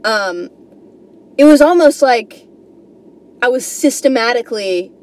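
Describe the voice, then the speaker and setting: A young woman from New York rambles through a comedy podcast monologue, swearing freely and filling her sentences with "like" and "you know". Her voice sits a little on the high side. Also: expressive, a little slow, darkish tone. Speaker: podcast host.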